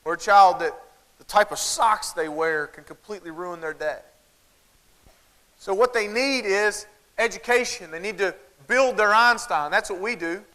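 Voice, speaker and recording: A man with a Southern American accent delivers a humorous keynote, his voice set high and ringing bright. He tells stories in a folksy, animated way and often turns to the crowd with quick asides. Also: poor audio. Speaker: keynote conference speaker. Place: large conference hall before a crowd.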